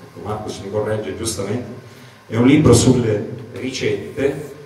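A man's voice: on the low side, moderate pace. Italian-accented man in a very echoey hall. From Italy. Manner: lively, translating back and forth. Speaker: host and interpreter. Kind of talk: bilingual panel talk. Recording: echoey room from far off.

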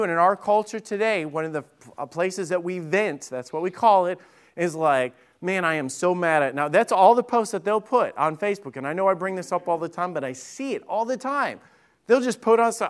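A man's voice: sits high, clean tone. A male pastor preaching to his congregation in a church, talking conversationally, repeating himself and putting questions to the listeners. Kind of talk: sermon. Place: church sanctuary.

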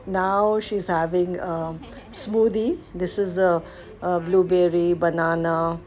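In a relaxed home vlog, a woman describes what her baby eats, pausing often with "uh" and restarting her sentences. She is a mother and home cooking vlogger whose voice is on the low side, darkish, and flat in delivery, and her pace is unhurried and plain.

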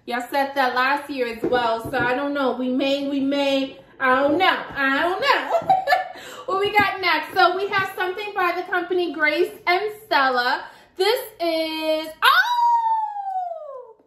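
A young woman talks straight to her viewers while unboxing beauty products, chatty and quick to giggle. Her voice sits high and bright. The room around her rings with echo. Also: noisy background. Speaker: beauty vlogger. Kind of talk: casual unboxing chat.

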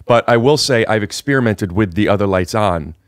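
A man's voice: fairly low pitch, lively intonation, fairly quick, no room sound, studio quality. A man hosting a podcast from his living room, rambling and restarting as he chats with a guest. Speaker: podcast host. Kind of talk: casual chat. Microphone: podcast microphone.

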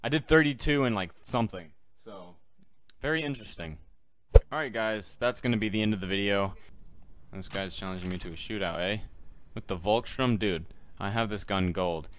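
Live gameplay commentary comes from a young YouTuber with a fairly low, fairly bright voice at a moderate pace, plus a bit of hiss or hum. He talks casually, joking and muttering to himself and his viewers, with sudden yelps.

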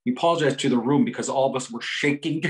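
A male psychologist giving a lecture. He tells a story in a joking, animated way. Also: medium pitch, fast, low-quality recording.

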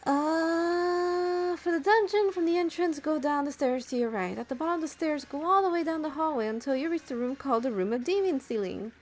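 A chattering young castle guide from a video game, reeling off directions in one endless breath, as a woman puts her on. The voice sits very high and lifts even higher, and the words come out fast and clipped. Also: close to an everyday voice. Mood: brisk, chirpy. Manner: rattles off directions without a breath.

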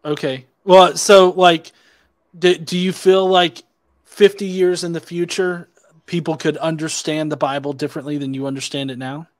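A man's voice: fairly high pitch, steady tone, moderate pace, no echo. A man debating online, probing with questions, hesitant with many restarts and fillers. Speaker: atheist debater.

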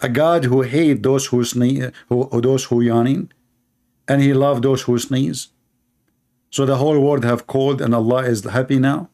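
Brief: sarcastic commentator, a man with an Arabic accent, middle pitch, broken grammar, mocking delivery, repeats words. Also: steady tone, moderate pace, mellow. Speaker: Christian apologist commentator. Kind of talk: mocking monologue.

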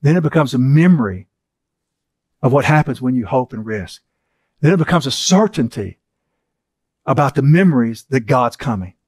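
A man's voice: mid-range voice, lively intonation, moderate pace, long pauses, a little mellow, slightly rough, no echo. A middle-aged man giving an earnest teaching session, repeating key phrases for emphasis.

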